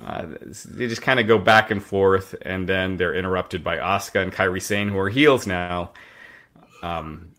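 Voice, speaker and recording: A man's voice: deep voice, moderate pace, a bit bright. A man hosting a casual podcast, recapping events in a rambling way with fillers and restarts. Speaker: podcast host recapping wrestling.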